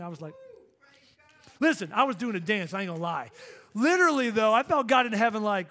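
A middle-aged man preaches to his congregation with a notably high voice, swinging between hushed asides and bursts of energy as he tells stories. He keeps the room involved with quick questions and calls for a response. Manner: lively storytelling preacher, engaging congregation. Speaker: pastor. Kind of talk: sermon. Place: church sanctuary.

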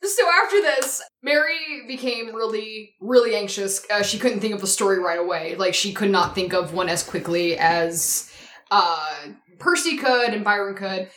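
A woman's voice: mid-range voice, normal speed, a bit bright. A woman co-hosting a podcast, telling a history story in a loose, casual way, swearing often and laughing easily. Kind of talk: casual chat. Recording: echoey room.

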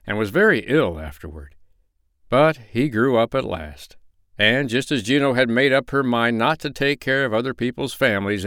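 A man reading a children's animal story aloud in a lively, expressive way. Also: mid-range voice, no echo, clean studio sound. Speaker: narrator.

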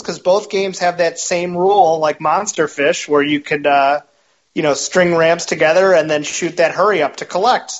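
A man guest in a casual interview, talking in a relaxed, rambling way with filler words. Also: a little high, moderate pace, highs cut off. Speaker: interview guest, league president.

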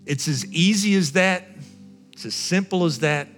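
A man's voice: sits high, normal speed, fairly bright tone, faint music behind. Man preaching with repeated, emphatic phrases. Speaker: pastor. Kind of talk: sermon.

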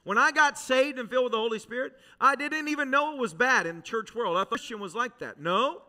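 A male pastor preaching a sermon to a congregation, telling a dramatic personal testimony that swings from loud urgency to hushed intensity. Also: extremely high pitch, animated, a little fast. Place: church service with a congregation.

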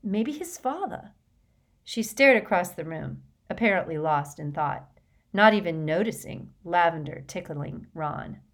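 A woman narrating an audiobook with measured, lively storytelling. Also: low-pitched, vocal fry. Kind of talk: scripted narration.

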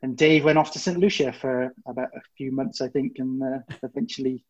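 This Briton spins a crude, animated cruise-crew anecdote, doing the voices of the people he worked with. He talks fairly quickly in a mid-range voice.

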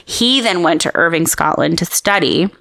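A woman with a fairly low voice tells a story in casual podcast chat. She rambles, stops and restarts as she goes. The sound is dry and close, with no room around her. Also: lively intonation, normal speed, vocal fry, fairly bright tone, no echo. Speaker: podcast host.

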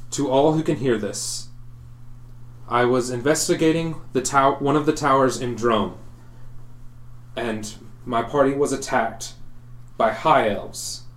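A half-elf messenger sends out a grave warning, voiced by a man in his own everyday voice. The delivery is measured and steady, with even pitch. The room gives it a clear echo. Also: natural voice. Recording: roomy echo.

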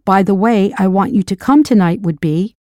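A woman narrates a scripted audio language lesson with a warm, mellow tone. She is recorded close and dry. She patiently poses drill questions and confirms each answer. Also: mid-range voice, normal speed, no echo. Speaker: language teacher.

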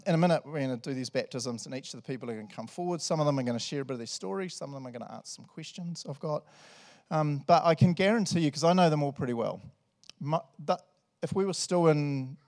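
During a church service, a male pastor preaches in a mid-range voice, lively and quick to joke. His volume keeps swinging from loud to soft.

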